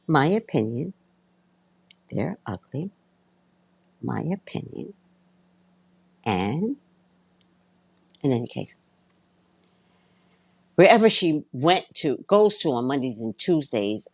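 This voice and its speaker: Gravelly, low-pitched woman telling a blunt story. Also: no room sound, low-quality recording. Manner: blunt, profane, animated storytelling. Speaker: vlogger. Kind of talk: casual storytelling monologue.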